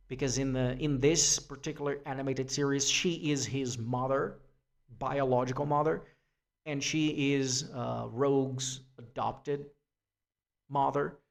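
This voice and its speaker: Dude rambling thru his own essay, swears a lot, talks real slow. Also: mid-range voice, creaky. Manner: rambling, restarts, swears casually, acts out quotes. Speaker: essay vlogger. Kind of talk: free-form spoken essay.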